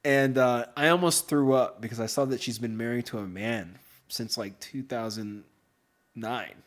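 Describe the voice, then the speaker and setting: A man hosting a podcast in casual chat, rambling and excitable, with many fillers. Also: mid-range voice, normal speed. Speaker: podcast host.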